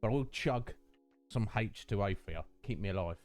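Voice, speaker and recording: A man's voice: fairly low pitch, expressive, a little fast, soft background music. A man, chatting casually with his livestream viewers, greeting them by name and laughing often. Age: 30s. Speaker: streamer.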